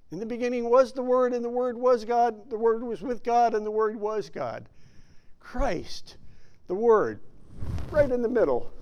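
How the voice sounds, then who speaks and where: A man's voice: high voice, darkish tone, dull audio. A man preaching a sermon to a congregation, emphatic and full of rhetorical questions. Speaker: pastor.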